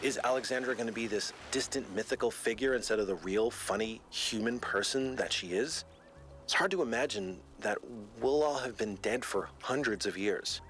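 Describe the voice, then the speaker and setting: A man's voice: medium pitch, normal speed, soft background music, lightly acted. A man playing a fearful man recording a log. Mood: reflective. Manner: reflective, quietly confessional. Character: scared young man recording a personal log. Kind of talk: game audio log monologue.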